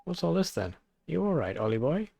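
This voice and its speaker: A man's voice: fairly high pitch, very animated, fairly quick, gravelly, warm tone, no echo, soft background music, pitched above the performer's own voice, exaggerated voice. A man doing a brash Welsh fairy. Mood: cheeky. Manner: chummy, slangy, scolding. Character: cheeky little fairy man, brash and bossy.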